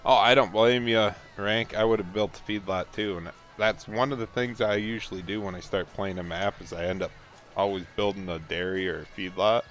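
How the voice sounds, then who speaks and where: Low-voiced man streaming a farm game. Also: brisk, faint music behind. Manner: relaxed, chatty, teasing chat. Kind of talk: casual gameplay livestream chat.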